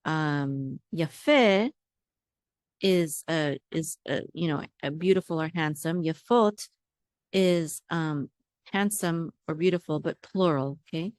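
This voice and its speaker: Low-voiced woman patiently spelling out syllables. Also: slow pace, darkish tone, no echo, studio quality. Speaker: Hebrew teacher. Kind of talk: word-by-word reading lesson.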